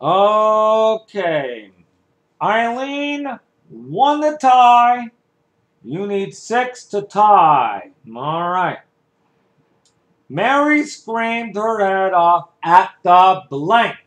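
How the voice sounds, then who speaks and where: With a high, sing-song voice and drawn-out words, a one-man game show parodist acts out the whole program, announcer lines and hummed theme music included. His tone is fairly bright, and the room is echoey, giving the playful imitation a hollow ring.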